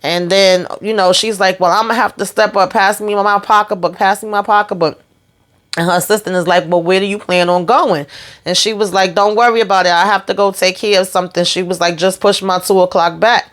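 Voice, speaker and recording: A woman's voice: mid-range voice, fairly even intonation, fairly quick, a bit bright. A woman casually recapping a TV episode, retelling scenes by acting out the characters' lines, with slangy asides and frequent laughter.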